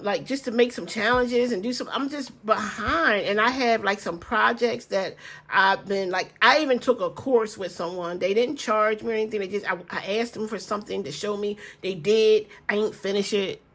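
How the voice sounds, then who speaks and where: A woman's voice: medium pitch, normal speed, a bit bright. Chatty grandmother vlogger, easygoing. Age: older. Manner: chatty, rambling, addresses viewers as y'all. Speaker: budgeting vlogger. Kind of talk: casual chat to viewers.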